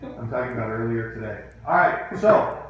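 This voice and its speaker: A man's voice: medium pitch, animated, moderate pace, muffled recording. A male teacher leading a classroom lesson, quizzing students by name in a firm, dryly teasing way. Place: echoey classroom. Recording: echoey room, faint background noise.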